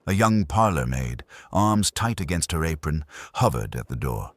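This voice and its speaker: A man narrating a classic detective mystery in a measured, expressive reading. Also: a bass voice, no room sound. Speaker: audiobook narrator.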